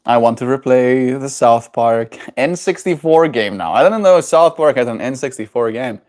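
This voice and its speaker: A man's voice: medium pitch, expressive, moderate pace, a little mellow. Chatty South African man streaming. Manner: rambling, chuckling, reacting to chat. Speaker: livestreamer. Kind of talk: casual live-stream chat.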